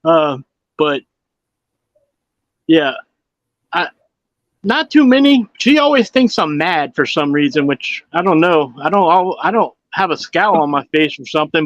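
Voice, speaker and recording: A man's voice: fairly high pitch, lively intonation, a little slow, pauses often, dry recording. Earnest middle-aged man, dry lo-fi sound. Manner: earnest, hesitant with fillers and restarts. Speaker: panelist. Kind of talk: casual panel chat.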